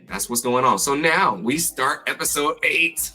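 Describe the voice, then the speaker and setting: A man's voice: medium pitch, animated, measured pace, sharp tone, soft background music. A man hosting a podcast, recapping episodes from his notes in a chatty, playful way. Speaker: podcast host.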